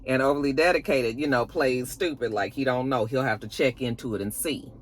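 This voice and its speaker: A woman recapping a TV episode in a casual, animated and profane way, acting out what the characters say. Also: a bass voice, fairly quick, slight background noise. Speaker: TV episode reviewer.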